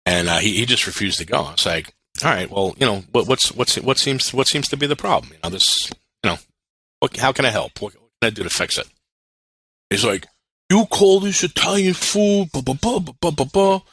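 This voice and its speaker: A man in his fifties from Brooklyn, a podcast guest telling lively restaurant stories and acting out the voices of the people in them. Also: lowish voice, brisk, slightly rough. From Brooklyn, New York. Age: 50s. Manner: animated, acts out other people's voices, repeats words when starting. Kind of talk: casual storytelling.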